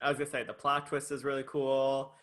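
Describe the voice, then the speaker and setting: Bright, agreeable male podcast co-host. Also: medium pitch, a little fast. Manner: relaxed, agreeable, chatty, frequent "right" and "yeah". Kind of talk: casual chat.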